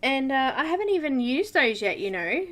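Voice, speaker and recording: A woman's voice: high voice, very animated, moderate pace, a bit bright, slight background noise. A woman hosting a live coloring stream, chatting casually, giggling often and greeting viewers by name. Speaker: coloring livestream host.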